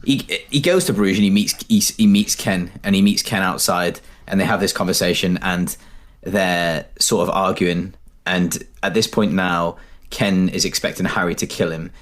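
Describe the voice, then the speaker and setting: A man's voice: deep voice, normal speed. A man co-hosting a podcast, animatedly retelling film scenes in casual chat. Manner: animated retelling, acts out movie lines. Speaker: podcast co-host.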